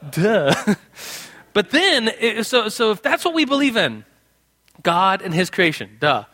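A man with a high, bright voice teaches a live congregation. He keeps his sermon casual and playful, and he jokes lightly as he explains. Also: huge pitch swings, normal speed. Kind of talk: conversational sermon. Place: in front of a live group in a room.

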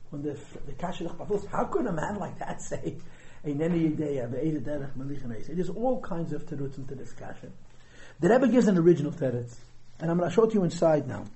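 A man's voice: on the high side, expressive, fast, mellow, echoey room, poor audio. A man, teaching a class on a Chassidic discourse in a conversational lecture style and asking rhetorical questions. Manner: conversational, mixes Yiddish and Hebrew terms, asks rhetorical questions. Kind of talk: lecture on a text.

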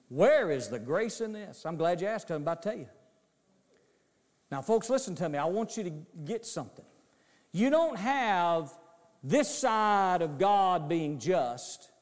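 A man's voice: high voice, big-room sound. A man preaching a sermon to his congregation, emphatic and repetitive, telling the story dramatically.

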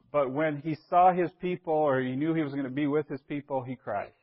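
A man's voice: fairly high pitch, steady tone, fairly quick, few pauses, narrow, tinny audio. A man, a church elder, teaching a Bible class in a conversational way, often checking in with his listeners.

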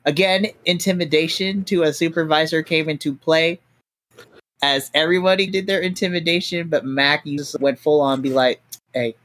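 A man hosting a relaxed podcast chat after a tabletop game, explaining things at length. His voice sits a bit high, and he talks in loose, filler-heavy sentences. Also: normal speed. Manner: chatty, explains with lots of fillers. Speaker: game master and host.

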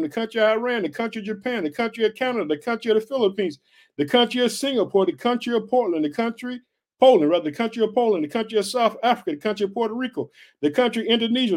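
Male preacher, high voice, fired-up podcast sermon full of repeated call-outs. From United States. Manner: excited, repeats "guess what" and "did you hear that". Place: home podcast setup in Chicago.

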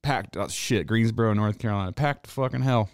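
A young man ranting on his stream in a low voice, sarcastic and swearing freely with drawling asides. The sound is dry and close, with no room echo. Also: brisk. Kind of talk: casual profane rant.

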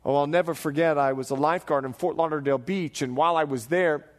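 A man in his forties, a pastor preaching a sermon to a congregation with animated storytelling, acting out the voices he quotes. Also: on the high side, quick pace. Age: 40s. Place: church hall before a live congregation.

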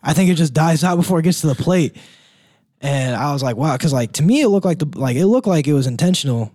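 Laid-back young man chatting about softball. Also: a little high, quick pace, no room sound, studio quality. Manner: relaxed, rambling, laughs often, says "like" and "dude". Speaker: co-host of a college sports podcast. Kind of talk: casual sports chat.

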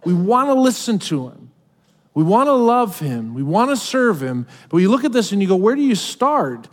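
A man's voice: high-pitched, sing-song, normal speed, in a large hall. A man preaching a sermon as a pastor, dramatically voicing scripture and heartfelt prayers.

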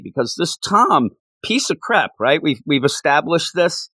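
A man casually recapping a story in an animated, chatty way. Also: medium pitch, normal speed, dry recording. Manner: animated and chatty, with many fillers.

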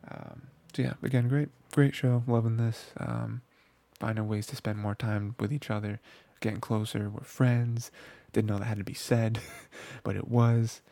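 A man's voice: fairly low pitch, steady tone, normal speed, few pauses, mellow, no room sound. A man hosting an anime podcast, recapping episodes in a rambling casual chat with many fillers and restarts. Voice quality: gravelly, husky.

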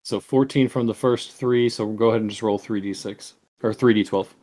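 A man acting as game master, calmly narrating turns and explaining rules of a tabletop game. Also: lowish voice. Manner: measured, explains rules with fillers.

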